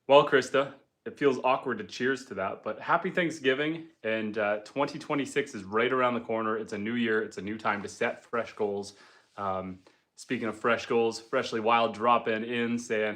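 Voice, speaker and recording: A man of middle pitch with a bright, forward voice hosts a casual homestead livestream. He talks easygoingly, full of ums and uhs, as he reads out viewer comments. He sits indoors at home beside a wood stove fire. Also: steady tone, normal speed. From Canada.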